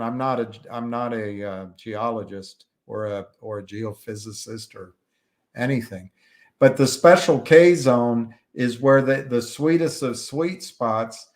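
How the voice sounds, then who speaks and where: Man, from the United States, livestream host, unhurried delivery, casual rambling talk, lots of ums and restarts, mid-pitched voice. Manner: slow, rambling, with many fillers and restarts.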